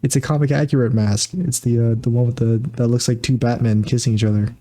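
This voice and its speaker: A man co-hosting a podcast, casually retelling a movie plot in a halting, rambling way. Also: mid-range voice, steady tone, warm tone. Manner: rambling, halting retelling with fillers and silly voices. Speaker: podcast co-host. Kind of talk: casual chat recapping a movie.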